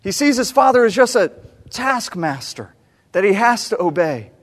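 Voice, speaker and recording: A preacher from the American South delivers a sermon with a fairly high, expressive voice. He retells the story animatedly, repeating key phrases. The sound carries a long reverb from a big church sanctuary. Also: normal speed. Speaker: pastor. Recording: long reverb of a large hall.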